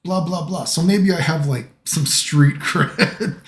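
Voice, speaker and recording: A man's voice: a little high, slow pace, echoey room. A middle-aged man from the United States, talking in a casual, rambling monologue full of filler phrases. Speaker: vlogger.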